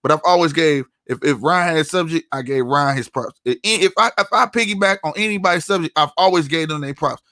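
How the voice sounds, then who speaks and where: A man's voice: fairly high pitch, a little fast, few pauses, bright, forceful tone, no echo, studio quality. A man giving a heated commentary rant, angry and profane, often tossing in "you know what I'm saying". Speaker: online commentator.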